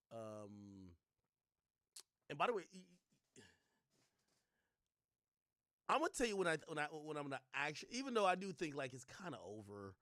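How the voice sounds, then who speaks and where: A man streaming and reacting to clips in casual, animated talk, full of slang, swearing and repeated words. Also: mid-range voice, no room sound, studio quality.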